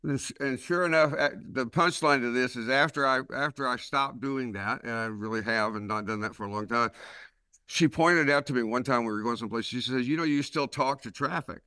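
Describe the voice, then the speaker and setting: A man with a Southern accent hosting a podcast, telling stories in a lively way with many restarts and repeated words. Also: medium pitch, brisk, clear, resonant tone, no room sound. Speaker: podcast host. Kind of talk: casual podcast conversation.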